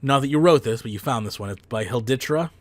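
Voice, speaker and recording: Rambling podcast host. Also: male voice, mid-range voice, animated, fast talker, no echo. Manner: rambling, with fillers and profanity. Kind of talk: casual podcast chat. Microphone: close headset mic.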